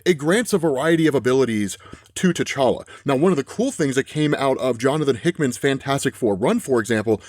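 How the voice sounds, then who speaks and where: A man casually recapping a comic issue, often tossing in "right?" and slowing down to read captions aloud. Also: mid-range voice, no echo, clean studio sound. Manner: animated, frequent "right?" asides, reads caption text slowly. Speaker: comics explainer host.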